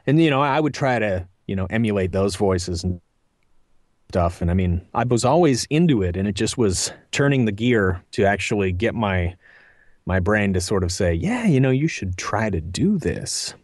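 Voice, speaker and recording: A man's voice: on the low side, expressive, normal speed, no echo, clean studio sound. A man in his thirties, a voice actor answering interview questions in a rambling, self-deprecating way with many fillers. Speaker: voice actor guest. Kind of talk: casual interview chat.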